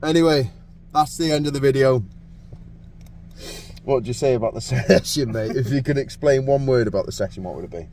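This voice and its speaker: At night, a man vlogs outdoors while fishing, chatting casually to the camera, joking and laughing often in an excitable way while feeling cold. His mid-range voice is brisk with long pauses, and he sits far from the mic, with a little hiss or hum.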